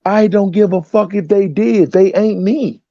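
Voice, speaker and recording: A man's voice: high voice, a little slow, dark tone, no room sound, highs cut off. A man arguing heatedly on an online panel, profane and repeating himself insistently.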